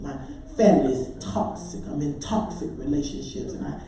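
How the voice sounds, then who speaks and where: A man's voice: a little high, moderate pace, a crowd in the background. A man preaching a sermon as pastor, rhythmic and building to sung, hollered climaxes. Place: large church sanctuary. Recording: echoey church hall, mic at a distance.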